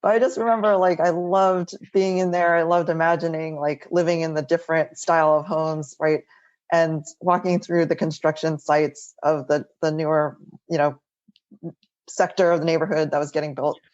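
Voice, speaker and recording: In a lo-fi recording, a middle-aged woman who works as an architect chats about her life during a casual remote interview at home. She often ends sentences with "like" or "right?". Her voice is low, a little mellow and fairly even, at a moderate pace.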